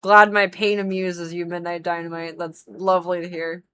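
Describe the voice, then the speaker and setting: A woman's voice: lowish voice, level tone, normal speed, bright, forceful tone, clean tone, poor audio. A woman livestreaming a video game, chatting casually with dramatic, mock-emotional complaints and a lot of swearing. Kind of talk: casual gaming commentary.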